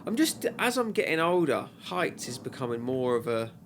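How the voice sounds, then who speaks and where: A man's voice: mid-range voice, big pitch swings, moderate pace, a bit bright, slight background noise. A man hosting a casual chat, easygoing and a little hesitant, often trailing off mid-thought. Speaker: podcast host.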